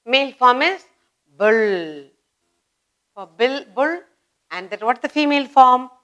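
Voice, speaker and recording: A woman with an Indian English accent teaching an English grammar lesson to children, repeating words slowly with emphasis. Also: high-pitched, animated, fairly bright tone.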